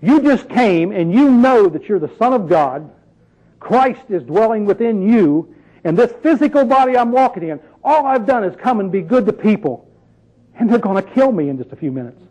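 High-voiced preacher asking the crowd questions. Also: male voice, very animated, moderate pace, dark tone, dull audio. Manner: conversational, rhetorical questions, emphatic. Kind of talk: sermon.

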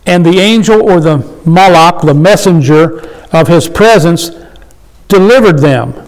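Man, high-pitched, informal Bible teacher, reads verses slowly, explains with questions. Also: rough recording. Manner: reads scripture slowly, then explains plainly with rhetorical questions.

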